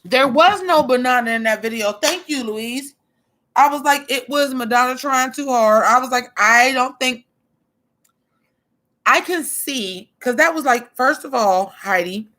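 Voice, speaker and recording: Woman, casual stream commentator: blunt, expressive, swears, talks back to chat. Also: fairly high pitch. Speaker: drag show commentator.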